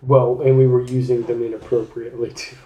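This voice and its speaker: A man hosting a casual group chat about tabletop gaming, telling stories with quick asides. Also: medium pitch, little pitch movement, mellow, a little hiss or hum. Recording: roomy echo.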